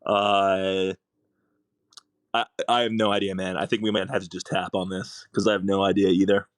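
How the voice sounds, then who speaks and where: A man's voice: sits low, level tone, moderate pace, no room sound, studio quality. A man playing in a trivia game, thinking aloud in a hesitant, unsure way. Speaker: quiz contestant.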